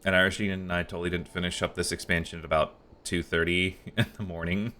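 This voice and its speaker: A man's voice: low voice, level tone, fast, few pauses, bright, forceful tone. A man streaming a game live, chatting casually and joking sarcastically.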